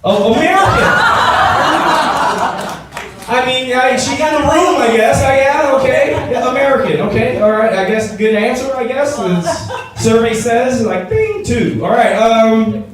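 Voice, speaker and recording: A man's voice: extremely high pitch, normal speed, background noise. A young man doing a stand-up comedy set, chatting loosely and joking with the audience. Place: event venue before a live audience. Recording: echoey room from far off, loud crowd.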